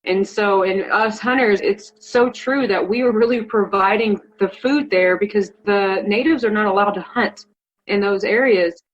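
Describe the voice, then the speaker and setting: A woman's voice: mid-range voice, moderate pace. A woman from Colorado, a hunting contest finalist, telling a story in a chatty, emotional way that's full of "like". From Colorado, United States. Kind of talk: casual interview storytelling. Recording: dull lo-fi sound.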